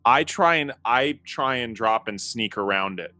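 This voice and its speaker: A man playing a tabletop game, talking in a playful, animated way. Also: mid-range voice, unhurried, no echo. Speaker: player.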